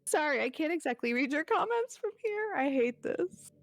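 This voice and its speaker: A woman's voice: sits high, big pitch swings, moderate pace, vocal fry, pitched above the performer's own voice, full character voice. Woman reading as a sweet teasing game girl. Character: cheerful self-aware young female game girl. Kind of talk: reading game dialogue aloud.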